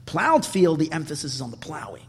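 A man teaching a Torah class as a sermon, swinging from loud emphatic bursts to hushed near-whispers. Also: a little high, huge pitch swings, a little fast, slightly rough, big-room sound.

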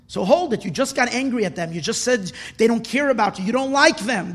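A man giving an impassioned sermon as a religious teacher, repeating words for emphasis and swelling toward shouts. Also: very high voice, lively intonation, quick pace, hardly any pauses. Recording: long reverb in a hall.

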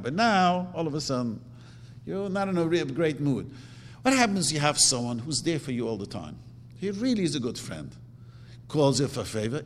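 A middle-aged man teaching a religious lesson as a rabbi, animatedly acting out quoted prayers. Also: mid-range voice. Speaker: rabbi teaching a Torah class. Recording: reverberant hall with faint hum.

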